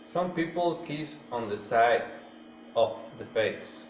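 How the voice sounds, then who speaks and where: A man's voice: medium pitch, expressive, slow pace, a little hiss or hum. Distant hesitant male student in roomy class. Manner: hesitant, repeats words after teacher.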